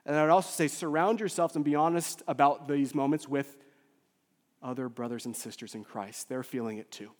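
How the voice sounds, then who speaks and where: A man's voice: mid-range voice, steady tone, fairly quick. Impassioned man preaching in a reverberant hall. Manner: emotional, swings between loud urgency and soft near-whispers. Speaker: lead pastor. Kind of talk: sermon.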